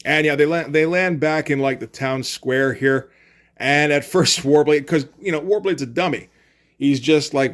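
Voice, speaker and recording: A man's voice: medium pitch, moderate pace, fairly bright tone. A man giving a loose, casual comic book review, acting out lines of dialogue and swearing freely.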